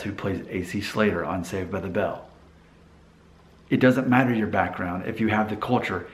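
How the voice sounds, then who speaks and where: A man's voice: on the low side, echoey room. A man in casual vlog talk, rambling a little, with restarts and asides. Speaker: vlogger. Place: Nashville.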